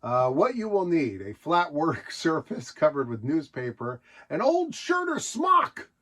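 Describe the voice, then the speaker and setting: A man's voice: on the high side, wildly swooping pitch, unhurried, fairly bright tone. A man hosting a nostalgia show, joking his way through old children's books and sometimes putting on silly voices. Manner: jokey, puts on silly character voices. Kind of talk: casual comedic commentary.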